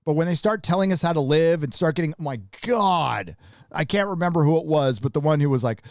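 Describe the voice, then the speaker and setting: A man with a slightly high voice hosts a live stream in a casual, blunt way. He rants with plenty of swearing and reads out viewer donations. The sound is close and dry. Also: animated, brisk, dry recording. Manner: blunt, profane ranting.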